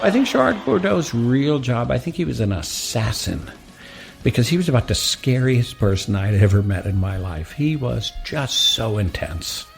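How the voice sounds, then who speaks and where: A man with a gravelly, husky voice recalling events as an interviewee. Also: medium pitch, big pitch swings, moderate pace. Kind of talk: reflective recollection.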